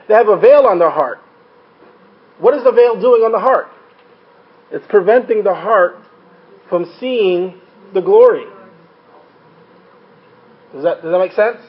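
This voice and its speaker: High-voiced man teaching a Bible class. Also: muffled recording. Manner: frequent rhetorical checks like "right?".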